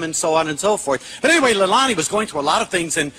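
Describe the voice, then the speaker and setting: Bright, lively man giving a lecture. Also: high voice, rapid-fire, low-quality recording. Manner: animated, storytelling, self-mocking humor. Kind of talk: public lecture to an audience.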